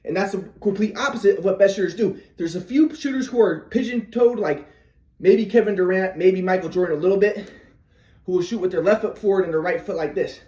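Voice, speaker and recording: A man with a notably high voice tells his own story in a loose, earnest monologue. He stumbles and restarts often, and acts out movements and other people's lines as he goes. The sound is roomy and echoey. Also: a little fast, warm tone. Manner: demonstrates footwork while talking, acts out his father's lines. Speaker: former basketball player telling his story.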